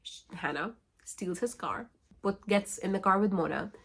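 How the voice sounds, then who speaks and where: A woman's voice: medium pitch, moderate pace, gravelly. A woman who is a book vlogger, summarizing novels in a casual, wry and sarcastic way.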